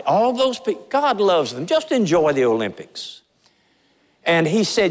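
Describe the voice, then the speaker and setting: A middle-aged pastor preaching with a high-pitched, urgent voice that climbs and drops for emphasis. His words ring out through the long reverb of a large church sanctuary. The delivery is fervent and sermon-styled. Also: sing-song, unhurried, pauses often, some chatter behind. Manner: impassioned, rising and falling emphasis.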